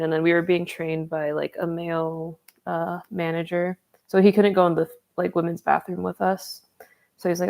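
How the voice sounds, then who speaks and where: A woman's voice: on the low side, gravelly, darkish tone. A young woman in her twenties telling a story in a casual chat, filler-heavy and laughing often. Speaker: streamer.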